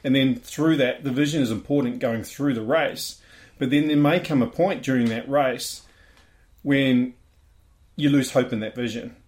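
A man's voice: mid-range voice, normal speed, a little mellow. Thoughtful man reflecting in conversation. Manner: thoughtful, repeats words while forming ideas. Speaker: podcast co-host. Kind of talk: reflective casual chat.

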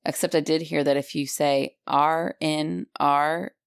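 A middle-aged woman co-hosting a podcast, chatting casually, laughing often and reacting quickly. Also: low-pitched, little pitch movement, vocal fry, smooth, no room sound, studio quality. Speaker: podcast co-host. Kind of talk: casual chat.

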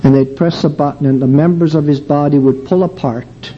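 An older man giving an earnest, emotional sermon testimony, telling a story slowly. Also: fairly high pitch, steady tone. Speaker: preacher. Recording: dull lo-fi recording with faint background noise.

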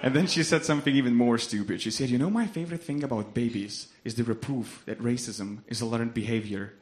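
A young man from Lithuania with a Lithuanian accent performing a stand-up comedy set on a club stage, deadpan and laughing at his own punchlines. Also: medium pitch, fairly quick, slight background noise.

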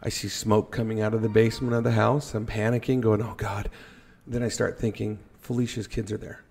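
A man telling a firefighting story in a casual podcast chat, animated and joking at his own expense. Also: fairly low pitch, fairly quick, gravelly, husky. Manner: animated, acts out his own panicked thoughts, jokes at himself.

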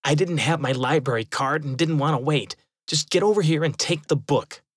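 A man's voice: fairly high pitch, moderate pace, slightly rough, no room sound, clean studio sound. A man voicing a demanding teenage boy in a spooky story, insistent and scornful.

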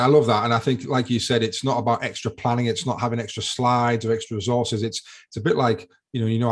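Fast-talking husky man hosting. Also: medium pitch. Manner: enthusiastic, rambling questions. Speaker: podcast host, educator. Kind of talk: podcast interview.

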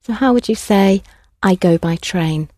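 Patient woman language teacher, mellow voice. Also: mid-range voice, measured pace, no room sound, clean studio sound. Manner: clear, patient prompting of students. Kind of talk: classroom instruction.

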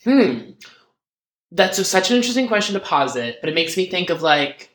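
Man, podcast co-host, bright forceful voice, chatty with fillers, echoey room. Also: high-pitched, big pitch swings. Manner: chatty, quick asides with fillers. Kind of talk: casual recap chat. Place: recorded in person in a room. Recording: echoey room, dodgy audio.

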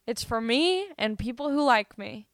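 A woman's voice: fairly high pitch, animated, normal speed, fairly bright tone, clear, resonant tone, no room sound, clean studio sound. A woman hosting a casual solo podcast, rambling and joking at her own expense while she has a cold. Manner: rambling, self-deprecating, joking. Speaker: podcast host.

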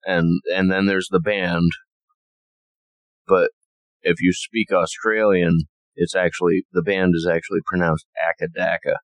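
Deep-voiced man in casual chat. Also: flat delivery, dry recording, poor audio. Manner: halting, explaining with many fillers. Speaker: podcast co-host.

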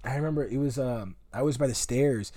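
A man's voice: mid-range voice, quick pace, dark tone, no room sound. A young man in casual chat, easygoing and chatty, swearing casually. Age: young adult.

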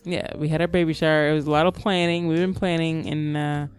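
A woman's voice: low voice, little pitch movement, fast, faint music behind. A woman co-hosting a casual family podcast, talking in a playful, teasing way. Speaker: podcast co-host. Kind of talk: casual chat.

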